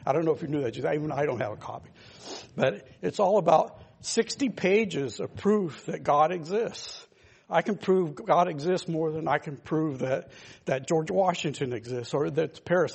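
Gravelly older man preaching. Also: on the high side, darkish tone. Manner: rambling, emphatic preaching with asides to listeners. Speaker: pastor. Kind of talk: informal sermon.

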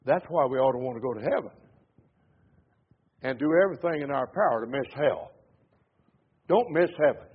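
A preacher delivering a sermon, stressing some words loudly and letting others trail off low. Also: male voice, lively intonation, moderate pace, pauses often, breathy edge. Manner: emphatic preaching that swings between loud stresses and low trailing endings. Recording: tinny phone-like sound.

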